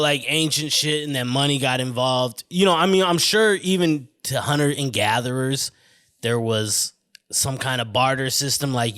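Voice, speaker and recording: A man's voice: mid-range voice, normal speed, a bit bright, clean tone, dry recording, clean studio sound. A man hosting his own podcast in casual chat, rambling off on tangents, swearing freely and often asking "you know what I mean". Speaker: podcast host. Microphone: studio mic on camera.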